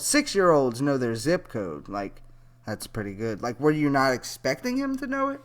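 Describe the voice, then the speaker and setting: A man's voice: mid-range voice, big pitch swings, normal speed. A man giving casual, rambling reaction commentary on a TV clip, profane and incredulous.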